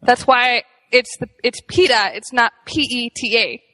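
A woman's voice: fairly high pitch, a little slow, sharp tone, in a large hall, poor audio. A woman co-hosting a podcast in casual chat, chatty, laughing often and restarting sentences. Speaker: podcast co-host.

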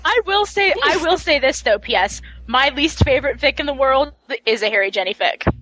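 A chatty woman co-hosts a casual podcast, teasing her friends in a high, bright, sharp-edged voice. The sound is dry and close to the mic. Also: animated, brisk, no echo, low-quality recording. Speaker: podcast co-host.

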